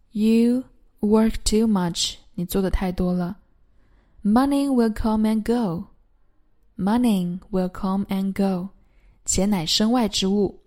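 Lady teacher reading phrases super slow and clear, says each twice. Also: medium pitch, warm tone. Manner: repeats each phrase slowly and clearly, then translates. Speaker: English teacher. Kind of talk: slow phrase-drill lesson, English then Chinese.

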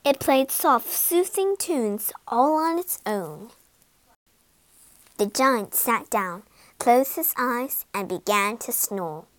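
A woman reading a children's fairy tale aloud with slow, expressive storybook narration. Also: a little high, dry recording.

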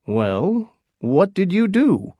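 A careful, commanding expedition leader from a storybook, put on by a man narrator. He sounds firm and steady, with a lively pitch. The recording is close and dry. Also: slow, no echo, full character voice.

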